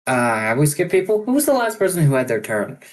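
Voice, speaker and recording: A man narrating as game master of a tabletop game online, halting often with ums and restarts. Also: fairly high pitch, sing-song, poor audio. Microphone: online voice chat microphone.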